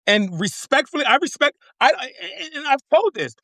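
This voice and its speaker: Fired up guy running for congress, real high voice, dry close sound. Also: sing-song, fairly quick, sharp tone, no room sound. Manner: passionate, repeats himself, swears. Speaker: congressional candidate guest. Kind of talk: fired-up casual talk.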